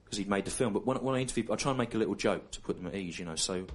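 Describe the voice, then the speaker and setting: A man performing a stand-up routine on stage, deadpan and digressive, talking straight to members of the audience. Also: on the low side, rapid-fire, breathy edge. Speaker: stand-up comedian. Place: comedy venue, live on stage. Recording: noisy live venue recording. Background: audience laughter.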